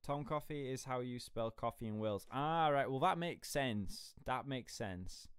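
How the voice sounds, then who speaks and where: A man's voice: mid-range voice, expressive, a little slow, smooth, no echo, studio quality. A man casually chatting and reading a book aloud on a livestream, rambling and laughing at himself.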